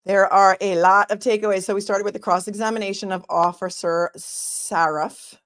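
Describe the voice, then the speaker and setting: A woman's voice: medium pitch, fairly even intonation, moderate pace. A middle-aged woman with a Boston accent hosting a casual livestream as an attorney, reading viewer messages aloud and chatting about the day in court. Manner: chatty, warm thanks to viewers, thinks aloud. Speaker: attorney and trial commentary host. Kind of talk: casual livestream chat reading super chats.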